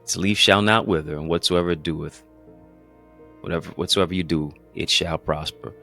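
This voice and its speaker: A man's voice: deep voice, fairly even intonation, moderate pace, gravelly, pushed and bright, faint music behind. A man preaching as a pastor, in an emphatic, repetitive cadence full of rhetorical questions. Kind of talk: motivational preaching.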